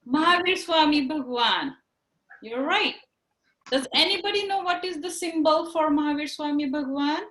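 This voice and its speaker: A woman teaching a children's yoga class over a video call, patient and encouraging, speaking slowly and clearly. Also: high-pitched, fairly bright tone, far from the mic, a little hiss or hum. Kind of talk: online class instruction for children. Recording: echoey room on a video call.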